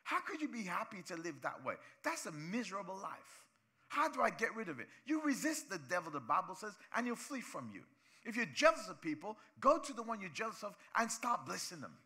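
A male pastor from preaching a sermon in church, animated, acting out voices of people he talks about. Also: sits high.

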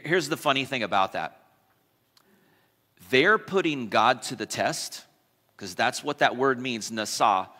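Recorded with the long reverb of a church sanctuary, this pastor speaks in a middle register with a slightly bright tone. His sermon feels like conversation, full of questions aimed at the congregation and easygoing asides.

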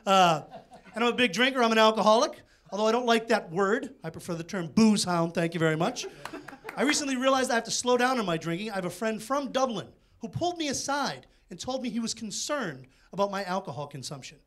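A man from doing a brash, fast-talking stand-up comedy set on a TV studio stage. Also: high voice, animated, fairly bright tone. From Boston, USA. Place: TV studio stage with live audience.

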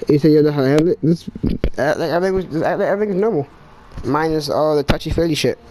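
A man's voice: on the high side, rapid-fire, a little mellow, a little hiss or hum, rough recording. A man chatting casually with a friend during an online game, profane and slangy, trading banter and blunt advice. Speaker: gamer in voice chat. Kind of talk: casual gaming chat.

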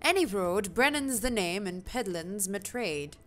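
A woman's voice: mid-range voice, lively intonation, a bit bright. A woman voicing a chatty male ship peddler, reading his lines with a shaky attempt at a British accent. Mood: folksy. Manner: reading the lines aloud with a halting put-on accent.

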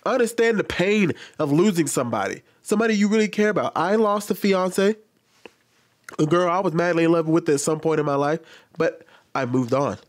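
A man's voice: on the high side, expressive, fast talker. Exasperated man lecturing other men. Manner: lecturing, exasperated, with repeated pleas. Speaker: commentator. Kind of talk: reaction commentary.

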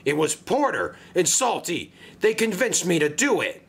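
A man's voice: high-pitched, huge pitch swings, normal speed, gravelly, slight background noise, pitched above the performer's own voice, full character voice. A man voicing a grumpy, put-upon male barge who talks impatiently and stammers when he is in trouble. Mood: panicked.

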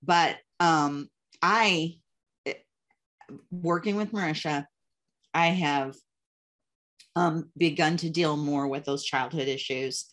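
Low-voiced older woman, emotional and candid. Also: takes it slowly, pauses often. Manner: emotional, laughs often, animated retelling. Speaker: host. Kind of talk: casual interview chat. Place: video call.

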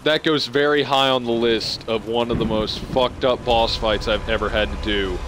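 A young man giving live commentary on a video game he is playing, excitable and swearing as he reacts out loud. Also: medium pitch, normal speed, background noise. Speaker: gameplay streamer. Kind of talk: live let's-play commentary.

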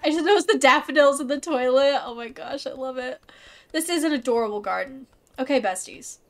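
A woman's voice: high voice, a bit bright. A woman streaming a video game, chatting playfully with viewers in a bubbly, casual way with some swearing. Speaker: gaming streamer. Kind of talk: let's play commentary.

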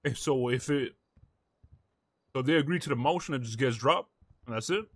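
A man's voice: medium pitch, normal speed, husky, dry recording. A man role-playing a defendant in a game courtroom, talking in loose street slang and laughing often. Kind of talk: casual role-play banter.

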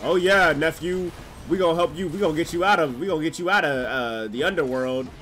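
A man's voice: a little high, a little fast, a bit bright, lightly acted. A man voicing jovial male Olympian gods who chummily offer their help, in a folksy, drawling, overly friendly way. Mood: chummy.

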